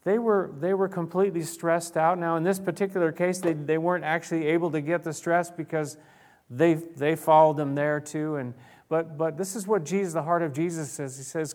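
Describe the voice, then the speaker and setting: A man preaching a sermon as a pastor, repeating words and restarting, swinging between loud emphasis and hushed, near-whispered lines. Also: fairly high pitch, fairly even intonation, normal speed.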